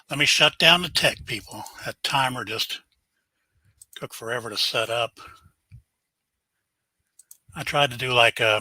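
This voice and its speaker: Bright-voiced chatty host. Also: male voice, medium pitch, no room sound, low-quality recording. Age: older. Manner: chatty, greets viewers by name, jokes and sighs. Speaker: live stream host. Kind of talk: casual live stream chat.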